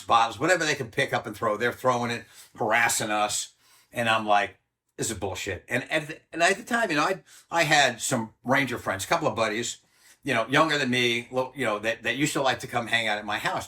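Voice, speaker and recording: A man's voice: medium pitch, sharp tone. A man, telling a story bluntly in a casual interview, swearing freely and acting out what others said. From United States. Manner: blunt, profane, acts out quoted voices. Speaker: interview guest, former Army Ranger.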